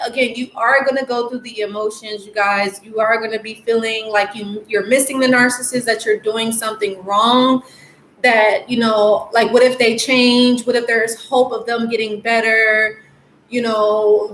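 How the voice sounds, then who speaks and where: A woman's voice: fairly high pitch, a bit bright. A woman coaching viewers on a casual live stream, rambling with many fillers and laughing often as she reads comments. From United States. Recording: echoey room with faint noise.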